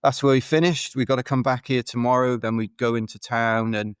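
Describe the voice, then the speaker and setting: A man's voice: medium pitch, steady tone, a little fast, smooth, no room sound. A man from the United Kingdom, a podcast guest, telling rambling, chatty stories full of fillers in a casual interview. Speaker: podcast guest, ultra runner.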